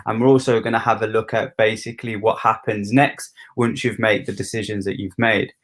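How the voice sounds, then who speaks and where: A man's voice: on the low side, steady tone, brisk. Man, Birmingham accent, casual stream host, informal, jokey. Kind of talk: casual chatty presenting.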